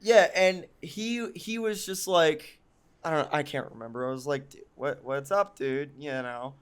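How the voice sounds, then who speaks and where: A young man with a fairly high voice tells a long personal story in casual podcast chat. He rambles, fills gaps with ums and likes, and pokes fun at himself as he goes. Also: unhurried, clean tone. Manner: rambling, full of ums and likes, self-mocking. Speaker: podcast co-host.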